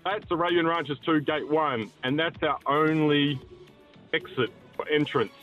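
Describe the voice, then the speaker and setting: A man's voice: fairly high pitch, steady tone, measured pace, faint music behind. A man with a mixed New Zealand and Australian accent calling into a radio show, talking hesitantly with lots of fillers. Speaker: caller. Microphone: phone. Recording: dull phone-in line.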